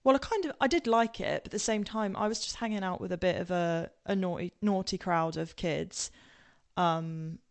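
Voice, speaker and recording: A woman's voice: mid-range voice, fairly quick, few pauses. A young English woman with a posh southern English accent, telling her story casually with many ums, tangents and laughs. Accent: southern English, now posh-sounding. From England. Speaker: podcast guest.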